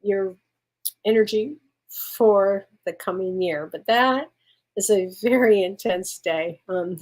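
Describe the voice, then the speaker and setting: Speaking slowly in a medium-pitched voice, a female spiritual medium responds to viewers' questions during a live stream. Her manner is warm and effusive, with frequent laughter and lots of "honey."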